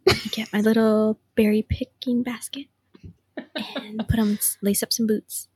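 A woman's voice: on the high side, little pitch movement, moderate pace, darkish tone, a little hiss or hum. A young woman co-hosting a casual podcast, reacting playfully and joking along. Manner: playful, reacts with gasps and jokes. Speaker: podcast co-host. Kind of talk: casual chat.

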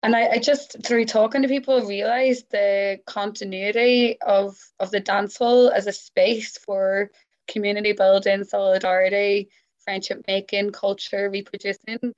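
Even-toned Irish-born woman researcher, lo-fi. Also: medium pitch, measured pace. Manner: thoughtful, academic, with frequent hedging fillers. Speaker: researcher guest. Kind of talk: interview conversation.

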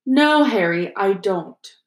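A woman voicing an old male wizard headmaster who speaks slowly, gently and with measured calm. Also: medium pitch, echoey room. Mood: gentle.

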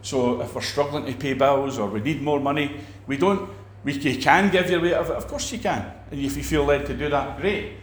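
A man teaching about faith in a relaxed talk, animated, acting out quoted people and restarting his sentences often. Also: medium pitch, a little fast, few pauses, roomy sound. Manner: animated, acts out quoted preachers, many restarts. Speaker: preacher.

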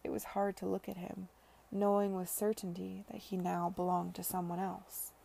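Female audiobook host, mellow, fry in the voice, steady storytelling. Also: medium pitch, normal speed. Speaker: podcast reader. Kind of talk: reading a novel aloud.

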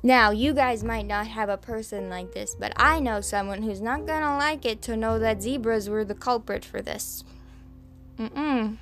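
A woman's voice: a little high, normal speed, few pauses, a bit bright, faint music behind. A young woman hosting a podcast, rambling through the news in a casual, swearing, filler-heavy way. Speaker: podcast host.

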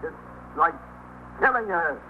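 A man's voice: a little high, expressive, slow pace. An actor playing an unstable, paranoid man barricaded with a gun, ranting and threatening in 1950s radio drama style. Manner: agitated, repetitive, swings between threats and self-pity. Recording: tinny old radio broadcast with faint hiss.

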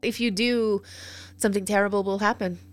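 A woman playing a character in a tabletop role-playing game, calm and measured as she explains. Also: mid-range voice, faint music behind. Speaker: player.

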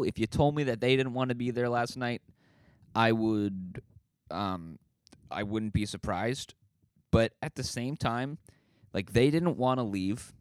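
A man's voice: medium pitch, no echo, studio quality. A man hosting a casual solo podcast, rambling and self-deprecating, swearing casually as he talks. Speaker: podcast host.

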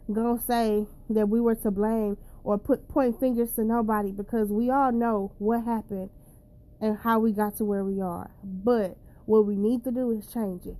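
Woman, higher-pitched voice, mellow and warm tone, blunt, profane, preachy, talks straight to viewers. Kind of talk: casual straight-to-camera rant.

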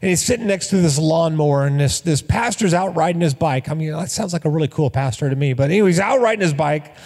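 A man's voice: fairly high pitch, expressive, fast talker, a little mellow, big-room sound. A middle-aged male pastor preaching a sermon in a conversational, storytelling way, often repeating words.

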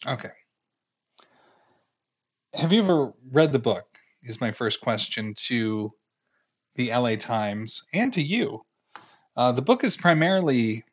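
A man's voice: mid-range voice, slightly rough, highs cut off. A man in his thirties hosting a casual film review podcast, rambling with many fillers and mocking critics' language. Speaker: podcast host.

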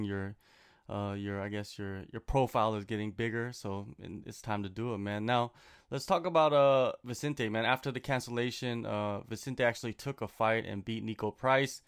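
Smooth-voiced relaxed male interviewer. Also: lowish voice, dry recording, studio quality. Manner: relaxed, friendly, keeps saying "man". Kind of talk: casual interview.

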